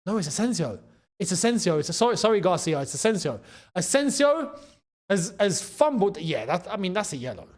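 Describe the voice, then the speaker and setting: A young man with a London accent hosting a live football watchalong, chatting in slang and breaking into excited shouts at big chances. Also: high-pitched, brisk. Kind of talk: live match watchalong commentary.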